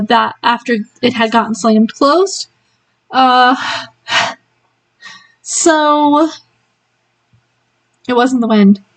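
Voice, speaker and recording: A woman's voice: fairly high pitch, rough recording. A woman giving a casual spoiler book review, retelling the story in a rambling way with many ums and small laughs.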